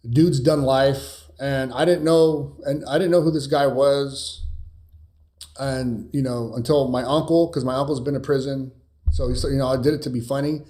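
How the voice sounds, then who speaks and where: A man's voice: medium pitch, fairly even intonation, normal speed, dark tone. A young man from California chatting casually in a live Q&A, rambling with many fillers and restarts, blunt and swearing at times. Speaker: cybersecurity streamer answering viewer questions.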